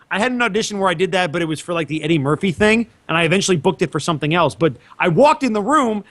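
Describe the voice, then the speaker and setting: Playful man, lively chatter, dry sound. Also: high voice, no echo. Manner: playful, quick to slip into impressions. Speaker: voice actor guest. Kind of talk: casual chat with voice impressions.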